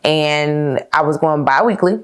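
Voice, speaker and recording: A woman's voice: sits low, a little slow. A young woman, hosting a podcast and telling her own story in a candid, chatty way, calling her listeners "y'all.". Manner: laughs now and then, frequent fillers like "like". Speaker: podcast host. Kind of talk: casual personal storytelling.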